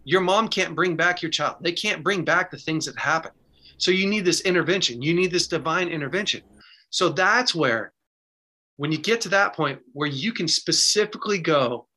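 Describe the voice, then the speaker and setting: Man, earnest and candid, bright tense voice, slightly high pitch, casual teaching chat. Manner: earnest, candid, talks in short bursts with restarts. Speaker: faith speaker sharing advice. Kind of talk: conversational teaching with personal story.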